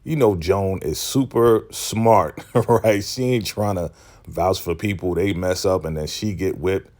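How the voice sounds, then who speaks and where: A man with a low, deep voice recaps a TV episode in a loose, slangy way. He keeps slipping into the characters' lines as he talks. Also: unhurried, a little mellow. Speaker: TV recap YouTuber.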